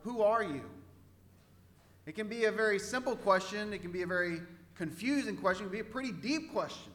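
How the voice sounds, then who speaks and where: A man's voice: sits high, a little fast, a bit bright, big-room sound, slight background noise. A man from Central Texas with a Texan accent, preaching a sermon as pastor in a conversational way, repeating rhetorical questions. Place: church sanctuary.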